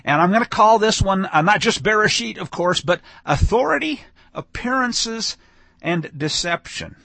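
A man's voice: sits high, big pitch swings, brisk, vocal fry, bright, forceful tone, dry recording. A man giving a conversational weekly scripture teaching, explaining verses with frequent fillers and restarts. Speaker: Bible teacher. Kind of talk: weekly Torah portion teaching.

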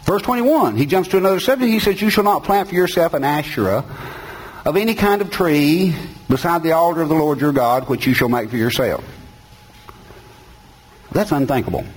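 A man's voice: on the high side, brisk, pauses often, husky, rough recording. A man, preaching an emphatic sermon and speaking straight to his listeners.

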